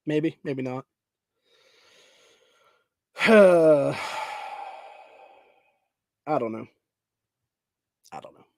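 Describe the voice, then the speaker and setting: A man's voice: a little high, lively intonation, measured pace, pauses often, a little mellow, dry recording. Profane ranting man, dry close sound. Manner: profane, repeats "dude", ranting; reads headlines aloud. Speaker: political podcast host. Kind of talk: angry political rant.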